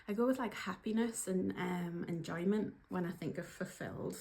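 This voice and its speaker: A woman's voice: lowish voice, normal speed, gravelly, few pauses, mellow. A woman from Newcastle with a Geordie accent, talking casually as a coach in a reflective vlog, with lots of fillers and light self-deprecating humor. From Newcastle upon Tyne, northeast England. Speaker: workplace coach and workshop facilitator.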